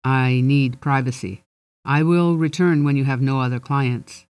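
A reserved grown man who speaks in clipped, formal sentences, his voice mellow and close to the narrator's own, as the reader puts him on. Dry, close storybook recording. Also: mid-range voice, unhurried, clear, resonant tone, no room sound, lightly acted. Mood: guarded. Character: reserved adult man, terse client.

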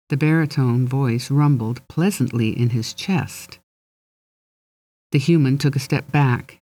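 A narrator reads a storybook aloud in a steady, gently expressive manner. The voice is mellow and warm, and the recording is dry and close. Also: medium pitch, measured pace, dry recording. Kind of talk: audiobook narration.

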